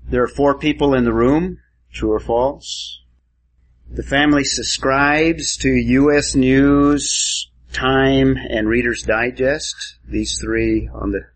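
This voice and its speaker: A man's voice: mid-range voice, poor audio. A man teaching a class, giving a lecture and quizzing students with questions.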